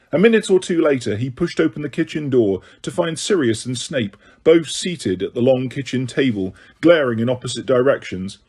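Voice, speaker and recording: Husky male audiobook narrator. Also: medium pitch, darkish tone. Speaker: audiobook reader.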